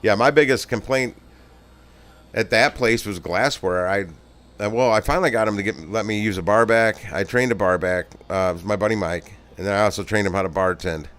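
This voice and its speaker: A man's voice: fairly low pitch, a little fast, a bit bright. A middle-aged man casually telling stories on a live stream, rambling and profane, laughing often. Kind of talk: casual storytelling.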